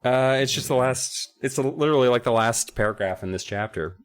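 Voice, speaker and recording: A man's voice: mid-range voice, fairly quick, clean tone. A man co-hosting a casual book-club podcast, reading passages and adding wry comments. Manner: laid-back, wry, swears casually. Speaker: podcast co-host.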